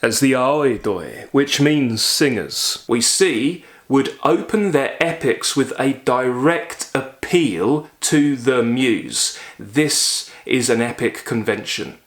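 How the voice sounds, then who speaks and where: Male lecturer, mid pitch, measured and savoring, roomy echo. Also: animated. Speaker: literature teacher.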